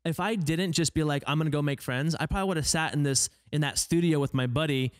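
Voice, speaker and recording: A man from Oregon, a podcast guest, telling stories in a casual chat, animated and full of fillers, acting out what people said. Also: on the high side, fast talker, dry recording, studio quality. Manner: animated, many fillers, acts out quoted dialogue.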